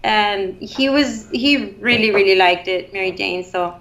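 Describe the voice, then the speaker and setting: A woman's voice: mid-range voice, fairly even intonation, a little slow, fairly bright tone, a little hiss or hum. A woman musician guest chatting casually on the radio, friendly and laughing often, mixing in Spanish.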